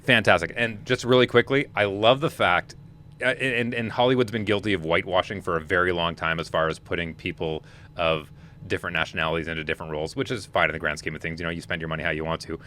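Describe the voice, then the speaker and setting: A man's voice: low voice, fairly even intonation, fast talker, sharp tone, slight background noise. A man in his forties co-hosting a casual podcast, opinionated and rambling with frequent restarts. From Manitoba, Canada. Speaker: podcast co-host.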